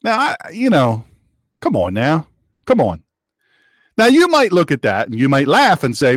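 A male radio talk host delivering an opinionated monologue. His fairly high voice swoops up and down with lively emphasis, sarcastic and preachy. The sound is dry and close, with no room echo. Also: a little slow, long pauses.

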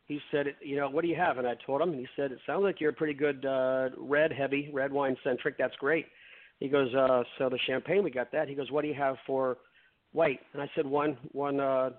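A man tells a story as a guest on a radio show, slipping into the voices of the people he quotes and often restarting his sentences. His voice sits at an ordinary middle pitch. It comes through a narrow, tinny phone line. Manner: retells dialogue, frequent restarts. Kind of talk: storytelling in conversation.

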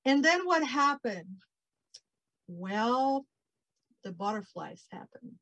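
A woman giving a passionate, expressive presentation over a video call. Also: fairly high pitch, takes it slowly, dry recording, poor audio. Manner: passionate, expressive, grows emotional. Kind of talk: heartfelt virtual presentation.

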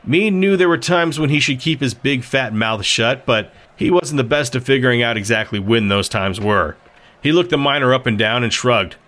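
A man reading a novel aloud as narrator, in a measured storytelling manner. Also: mid-range voice, animated, a bit bright. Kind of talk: audiobook narration.

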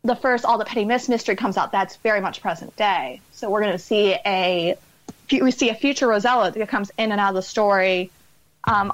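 A woman's voice: medium pitch, fairly bright tone, no echo, rough recording. A woman author being interviewed on a podcast, chatting casually and laughing at herself. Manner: chatty, self-deprecating, laughs often. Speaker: author guest.

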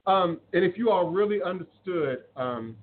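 Man, live-stream spiritual host, fairly high voice, earnest, preachy, repeats lines; phone-like sound. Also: lively intonation, moderate pace. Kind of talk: live-stream talk, reading viewer comments. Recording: phone-like audio with faint noise.

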